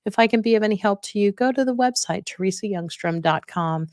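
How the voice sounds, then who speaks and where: A woman's voice: mid-range voice, fairly quick, darkish tone, no room sound, studio quality. A woman hosting a casual advice podcast on dementia care, encouraging and often checking in with listeners.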